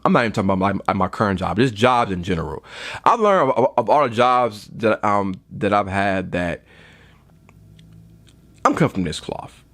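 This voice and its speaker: Animated man ranting on a podcast. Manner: animated, swings into high mocking voices. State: a little tired. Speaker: podcast host. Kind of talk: comedic rant.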